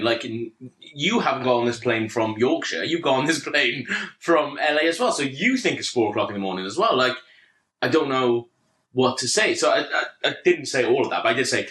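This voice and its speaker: Welsh man telling a story, lively pitch. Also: a little fast, roomy sound, rough recording. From Wales. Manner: animated, swearing, laughing, mimics other voices. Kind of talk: casual storytelling among friends.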